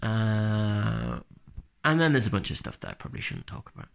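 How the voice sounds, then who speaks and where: A man from England with a Black Country accent, a band drummer chatting casually in an interview in a relaxed, rambling, plain-spoken way, speaking quietly and close to the mic. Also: fairly low pitch, normal speed, gravelly. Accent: Black Country English.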